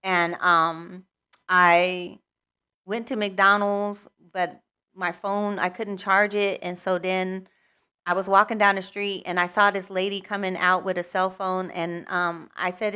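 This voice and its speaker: A woman hosts a spiritual livestream and talks casually to her viewers. Her voice is bright and clear. She rambles candidly, with many fillers and restarts. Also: lowish voice, little pitch movement, measured pace.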